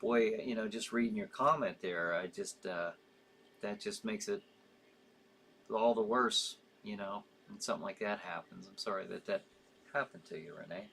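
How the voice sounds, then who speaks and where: A man's voice: fairly low pitch, sing-song, moderate pace, gravelly, a bit bright, slightly rough. A man hosting a live show in casual chat, reading out viewer comments with sympathy, rambling with frequent fillers and easy laughs.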